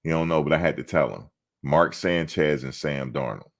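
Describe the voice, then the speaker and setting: A man's voice: a bass voice, moderate pace. A man hosting a sports livestream, chatting casually and teasing the viewers who comment. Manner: teasing, talks back to chatters. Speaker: sports channel host.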